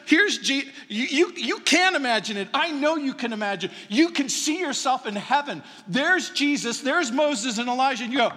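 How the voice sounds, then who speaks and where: A man pastor preaching a sermon, animated and acting out quoted lines with sudden high exclamations. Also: normal speed, hardly any pauses, big-room sound. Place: church sanctuary.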